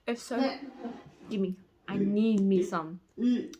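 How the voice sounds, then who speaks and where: A woman chatting casually in a reading vlog, gushing excitedly about a romance novel and swearing freely. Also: medium pitch, unhurried, pauses often, slight background noise. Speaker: book vlogger.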